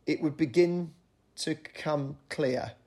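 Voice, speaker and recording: A man's voice: on the high side, slow, a little mellow. A middle-aged man, a comedian guest telling a self-deprecating story on a podcast and acting out other people's lines. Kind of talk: anecdotal podcast chat.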